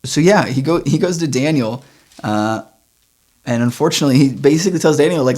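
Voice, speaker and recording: A man co-hosting a church podcast, reading Bible passages aloud and retelling them in relaxed modern slang. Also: mid-range voice, fairly quick. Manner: relaxed, paraphrases the story in modern slang with chuckles. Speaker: podcast co-host. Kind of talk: casual Bible discussion, reading scripture aloud.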